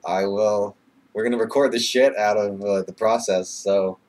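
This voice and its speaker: A young man with a lowish, slightly mellow voice and fairly even intonation vlogs casually to his webcam at a moderate pace. His talk rambles, heavy with fillers and swearing, and he's nervous and emotional, laughing often.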